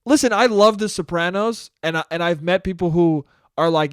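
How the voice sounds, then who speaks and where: A young man hosting a solo podcast, ranting with animated energy, swearing often and mocking people's voices. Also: high-pitched, moderate pace, smooth, no room sound, clean studio sound. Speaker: podcast host.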